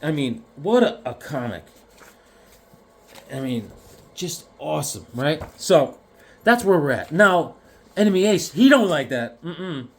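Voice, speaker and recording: A man's voice: a little high, unhurried, long pauses. Guy rambling about his comics, jokey, voice swings up and down a lot, close mic. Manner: animated, jokey, acts out comic characters in bursts. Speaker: comic collector vlogger. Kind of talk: casual chat.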